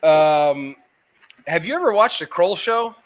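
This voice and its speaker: A man's voice: a little high, expressive, a little slow. A man co-hosting a casual podcast, rambling, laughing and swearing, a bit tipsy after drinking. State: has been drinking. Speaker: podcast co-host. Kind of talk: casual chat.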